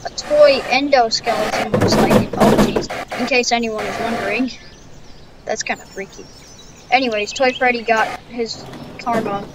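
A woman improvising a story over gameplay in a rambling, distracted way, full of fillers, with loud noise behind her. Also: on the high side, steady tone, measured pace.

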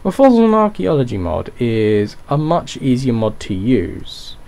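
With a mid-range, dark, creaky voice whose pitch swoops wildly, a gaming YouTuber narrates his Minecraft let's play at an unhurried pace. His talk is casual and rambling, full of self-mockery and thinking aloud, and his throat sounds dry.

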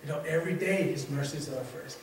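Echoey, distant man preaching in church. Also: fairly high pitch. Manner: repetitive, halting restarts, conversational. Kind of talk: informal sermon with personal story. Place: church sanctuary. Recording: very echoey room, voice off-mic, faint noise.

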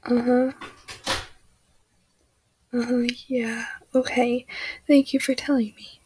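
Woman voicing a tender male boyfriend, whispered role-play, higher pitched and unhurried. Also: level tone, noisy background. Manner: soft, reassuring, affectionate. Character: gentle caring young male boyfriend.

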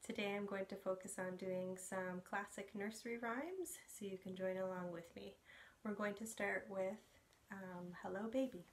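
A young woman leading parents through nursery rhymes and songs for babies, gentle and encouraging. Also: medium pitch, fairly even intonation, measured pace, a little hiss or hum. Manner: gentle, encouraging, sing-song. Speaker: early years program facilitator.

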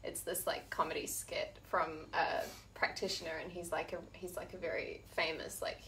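A woman's voice: on the low side, little pitch movement, moderate pace, a bit bright, far from the mic, a little hiss or hum. A woman co-hosting a casual chat, giggling often and retelling funny stories. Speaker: co-host.

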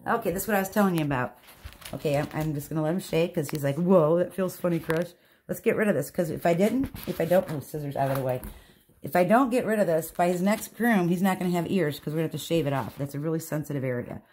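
A woman's voice: sits low, animated, fast, a little mellow. Chatty woman groomer in an echoey room. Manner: chatty, reassuring, talks to the dog while explaining. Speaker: dog groomer. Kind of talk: hands-on grooming tutorial. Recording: echoey room with faint background noise.

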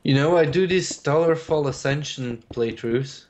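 A man's voice: fairly high pitch, normal speed, darkish tone, dull audio, slight background noise. A man streaming a game and chatting casually, joking around and laughing often. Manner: joking, laughs often, sings silly bits. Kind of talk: casual chat while gaming.

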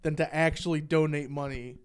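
A man's voice: a little high, fairly even intonation, brisk, a little hiss or hum. A man co-hosting a casual podcast, rambling and profane, often breaking into laughter. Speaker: co-host.

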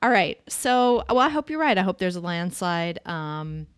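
A woman's voice: on the low side, very animated, moderate pace, smooth, no echo, clean studio sound. A woman hosting a podcast, giving blunt, opinionated views in casual political chat. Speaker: podcast host.

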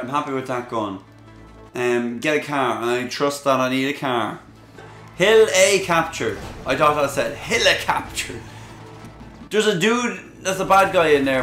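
A young Irish man giving excitable, casual commentary while streaming a game, with sudden loud shouts and laughs and casual swearing. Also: medium pitch, reverberant.

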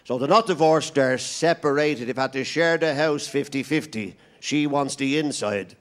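An Irish man doing a stand-up comedy routine, telling rapid jokes with deadpan punchlines. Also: medium pitch, heavy background noise. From Ireland. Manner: quick-fire joke patter with deadpan punchlines.

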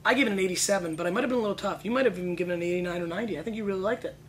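A man hosting a wine tasting show, talking in excitable, joking, rapid bursts. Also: sits high, a little hiss or hum, rough recording. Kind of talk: casual wine tasting chat.

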